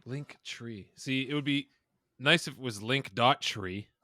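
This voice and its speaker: Casting: man, bright tone, easygoing podcast guest, dry sound. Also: medium pitch, unhurried, dry recording. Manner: easygoing, laughing. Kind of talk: casual podcast chat.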